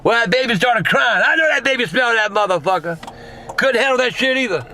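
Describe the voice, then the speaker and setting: A man's voice: very high-pitched, expressive, fairly quick, slight background noise. Cussing older man telling stories. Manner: profane, rambling, bursts into loud laughter. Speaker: storyteller. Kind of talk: casual storytelling.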